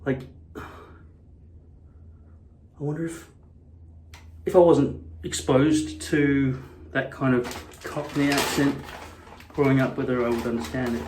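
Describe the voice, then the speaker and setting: A man's voice: mid-range voice, fairly even intonation, unhurried, darkish tone, slight background noise. A man vlogging casually to camera, blunt and profane, wandering into rambling asides. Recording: echoey room.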